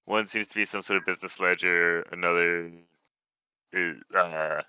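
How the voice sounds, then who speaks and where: Male game master, low-ish, very bright crisp voice, dry close mic, relaxed hesitant delivery. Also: normal speed, dry recording. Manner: relaxed, hesitant descriptions with many fillers. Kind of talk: narrating a tabletop game over voice chat.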